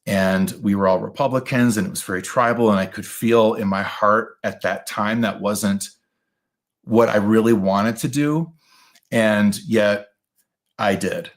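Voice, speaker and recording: A man telling a personal story in a reflective monologue, with many pauses, fillers and restarts. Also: fairly low pitch, fairly even intonation. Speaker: astrologer host.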